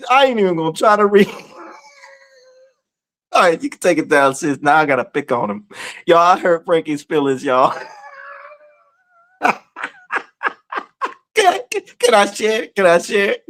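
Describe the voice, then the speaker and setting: High-voiced man teasing and laughing. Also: measured pace, long pauses. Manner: laughing, teasing, animated storytelling. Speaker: community study host. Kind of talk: casual livestream chat.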